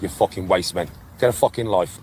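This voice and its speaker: A man's voice: deep voice, fairly quick, darkish tone, husky. A man with a Birmingham accent, ranting aggressively and swearing on a livestream. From Birmingham, England. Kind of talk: angry livestream rant.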